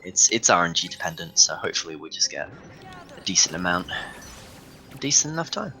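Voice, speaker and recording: A man's voice: sits low, big pitch swings, a little fast, gravelly, sharp tone, poor audio. A young man giving casual, joking commentary on a live speedrun and reading out chat as he goes. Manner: joking, rambling, reads chat aloud. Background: faint game music.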